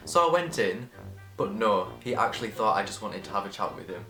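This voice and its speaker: A young man from England telling a casual storytime story, chatty and animated, acting out the voices of the people in it. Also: fairly low pitch, a little fast. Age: young adult. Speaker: vlogger. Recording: echoey room, faint music behind.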